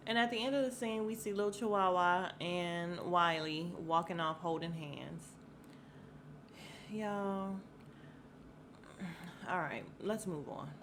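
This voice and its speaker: A woman's voice: lowish voice, slow pace, pauses often, a bit bright. Woman, podcast host, casual recap chat, sassy and candid, laughs often, faint background noise.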